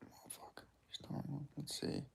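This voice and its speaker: Here the Perth-born streamer whispers slowly as he casually commentates a live fight stream. He speaks with an Australian accent, relaxed and swearing freely while chatting with viewers during the watch-along.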